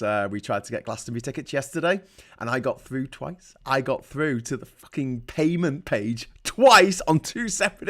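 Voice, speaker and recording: With a Scouse accent and a mid-range, fairly bright voice, this man hosts a casual livestream. He reads viewer comments aloud and reacts bluntly, swearing and rambling.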